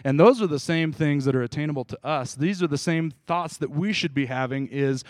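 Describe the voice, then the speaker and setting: A male pastor with a slightly high voice talks briskly with few pauses, and there's no echo. He delivers a casual, informal sermon, asking his group questions and often restarting.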